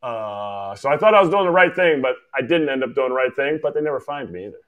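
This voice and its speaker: A man in his forties telling a story as a podcast guest, emphatic and lively, acting out the voices of the people in it. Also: fairly high pitch, very fast, muffled recording.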